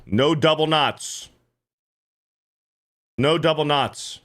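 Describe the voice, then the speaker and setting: A man's voice: fairly high pitch, extremely slow, fairly bright tone. A man hosting a livestream, reacting to clips in casual, profane commentary and often repeating himself. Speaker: livestream host.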